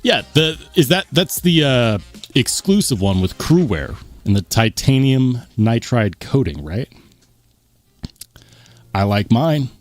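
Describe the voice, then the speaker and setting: A man's voice: mid-range voice, very animated, takes it slowly, long pauses, soft background music. A man hosting a live stream in casual chat, reading viewer comments aloud and reacting in an upbeat, rambling way. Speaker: livestream host.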